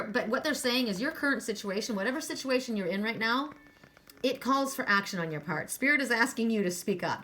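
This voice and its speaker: A woman's voice: fairly high pitch, fairly bright tone. A middle-aged woman doing a casual spiritual card reading. She talks in a chatty way, often repeats words and keeps adding "right?". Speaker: oracle card reader.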